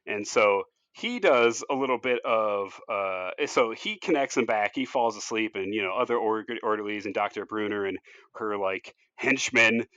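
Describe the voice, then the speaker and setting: A man with a fairly low voice talks through a story idea in loose, rambling podcast chat. He keeps circling back with "like" and "you know" and restarts his sentences often. The recording is dry and a little dull, close to the mic with no room sound. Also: normal speed, pushed and bright, no room sound. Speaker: podcast co-host pitching a movie idea. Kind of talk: casual chat.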